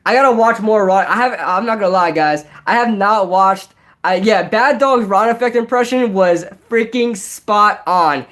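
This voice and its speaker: Young guy live streaming, nasal high voice, lots of likes and ums, rambles. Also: normal speed, fairly bright tone. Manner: rambling, filler-heavy, restarts. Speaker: sports vlogger. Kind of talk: casual live-stream chat.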